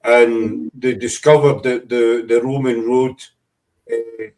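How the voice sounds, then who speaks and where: A man from Glasgow with a Scottish accent, hosting a casual chat show and talking in a halting, rambling, teasing way. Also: medium pitch, wildly swooping pitch, warm tone, distant mic. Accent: Scottish, West of Scotland. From Glasgow, Scotland. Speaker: host.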